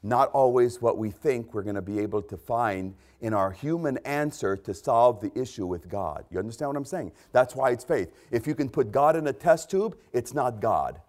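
A man delivers a sermon with real fervor. His pitch swings widely as he asks rhetorical questions and repeats his key phrases to drive them home. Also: animated, normal speed, hardly any pauses, darkish tone. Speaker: preacher.

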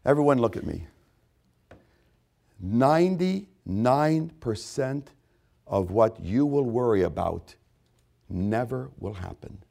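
A man preaching a sermon, swinging between loud, emphatic repetition and low, hushed asides. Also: animated, slow pace, vocal fry, long pauses. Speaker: pastor.

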